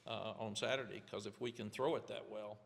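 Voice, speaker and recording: A man in his seventies, a head coach answering press questions candidly, rambling with restarts in a gravelly voice. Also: fairly low pitch, fairly even intonation, a little fast, big-room sound. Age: 70s. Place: press conference room.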